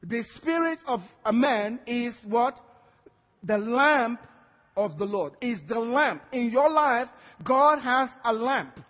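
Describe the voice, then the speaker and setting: Male pastor with a Nigerian accent, high and husky, emphatic call-and-response preaching; lo-fi church recording. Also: lively intonation, slow. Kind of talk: sermon. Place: church hall. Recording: dull lo-fi sound with long hall reverb.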